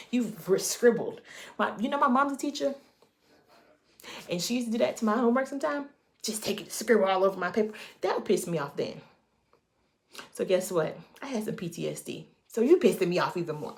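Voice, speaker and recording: A woman vlogger telling a personal story to her viewers in a casual, animated, emphatic way. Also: on the low side, creaky.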